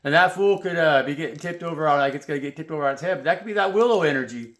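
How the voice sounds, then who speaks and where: A man with a fairly high voice rambles through a tarot reading, cursing freely as he gets heated. The room around him rings with a noticeable echo. He talks loosely and restarts his thoughts often. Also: very fast, fairly bright tone. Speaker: tarot reader. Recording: roomy echo.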